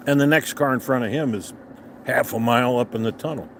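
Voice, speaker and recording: A man's voice: mid-range voice, normal speed, vocal fry, a little hiss or hum. An older man vlogging, telling a profane, angry story about a road clash, swearing heavily as he talks outdoors. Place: outdoors on a restaurant patio.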